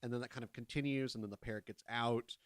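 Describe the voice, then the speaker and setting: Podcast co-host, male, mid-pitched, dry close sound, easygoing recap of scenes. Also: quick pace, smooth, no echo. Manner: relaxed, filler-heavy storytelling. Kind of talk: casual film chat.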